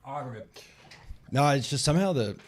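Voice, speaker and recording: A man's voice: mid-range voice, expressive, quick pace. Rambling male podcast host. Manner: loose, rambling, full of fillers. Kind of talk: casual live Q&A chat.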